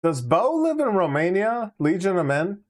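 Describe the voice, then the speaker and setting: A man's voice: high voice, big pitch swings, moderate pace. A man hosting a casual livestream, reacting with laid-back, profane commentary and laughs. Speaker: livestream host.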